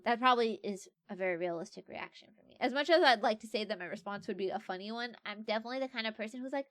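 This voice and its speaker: A woman's voice: medium pitch, rapid-fire, few pauses, no echo. A young adult woman streamer in casual livestream chat, playfully reading quiz questions aloud and joking about them.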